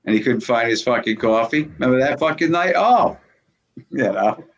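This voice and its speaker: Dude with a really animated voice, ribbing his buddies, audio kinda dull and lo-fi. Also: medium pitch, normal speed. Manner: encouraging, teasing, laughs often. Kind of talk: casual profane chat.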